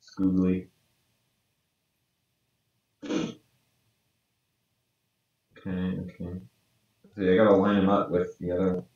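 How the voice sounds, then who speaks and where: A man's voice: completely flat delivery, slow pace, pauses often, darkish tone. A man co-hosting a podcast, chatting casually and muttering to himself as he works on a drawing. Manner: mutters to himself while working, low-key. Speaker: podcast co-host. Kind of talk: casual chat while drawing. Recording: echoey room, distant and dull mic.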